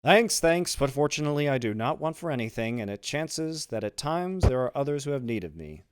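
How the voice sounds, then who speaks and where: A man's voice: mid-range voice, big pitch swings, a little fast, clean tone, no echo, clean studio sound, voice pushed up, close to an everyday voice. A man voicing a greedy, fawning young tailor who talks in an ingratiating, insistent way. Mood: jovial. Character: greedy fawning neighbor, male tailor in his twenties.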